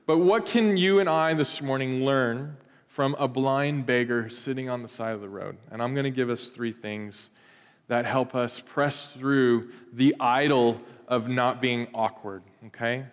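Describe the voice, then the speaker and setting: A middle-aged man preaching a conversational sermon in a church, moving between quiet reflection and loud animated bursts. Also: medium pitch, measured pace, smooth. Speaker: pastor. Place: church sanctuary. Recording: long hall reverb.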